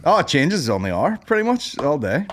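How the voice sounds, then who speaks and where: Northern irish guy on a podcast, crude jokes, pitch swings like crazy. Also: big pitch swings, fairly quick. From Northern Ireland. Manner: crude, jokey, slips into mock voices. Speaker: podcast co-host. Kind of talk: casual banter.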